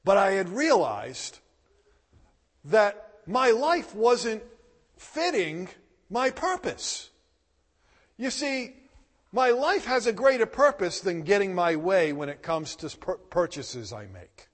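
A man preaching a sermon, telling a personal story with emphatic, animated delivery and loud bursts. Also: high voice, takes it slowly, big-room sound. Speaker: pastor.

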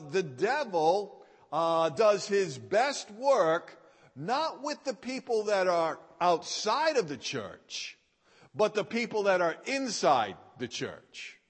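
Slow, lively-voiced male preacher in a hall. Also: high voice. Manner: folksy, repeats key phrases for emphasis. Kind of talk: sermon. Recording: long hall reverb.

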